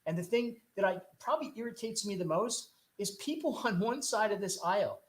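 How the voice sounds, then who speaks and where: A man's voice: high voice, expressive, brisk. A man hosting a talk show, delivering a rambling, impassioned political monologue full of rhetorical questions from a studio. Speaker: host.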